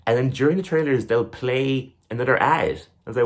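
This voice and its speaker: A man's voice: mid-range voice, expressive, a little fast, hardly any pauses. A young man, a comedian, rambling casually through his bits and acting them out in silly voices. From Ireland. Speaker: comedian and podcast host.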